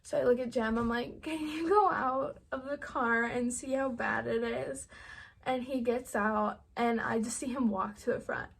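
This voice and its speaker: A woman's voice: on the high side, steady tone, unhurried, creaky, husky. A young woman vlogger telling a storytime to her camera, rambling casually with constant "like" and frequent swearing. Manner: rambling, heavy use of "like" and swearing.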